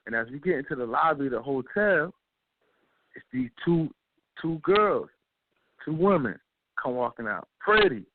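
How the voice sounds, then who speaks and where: A man hosting a radio talk show, telling a story in a relaxed, slangy way and often checking in with the listener. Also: fairly high pitch, dry recording. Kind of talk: casual storytelling. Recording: dry, phone-like radio audio.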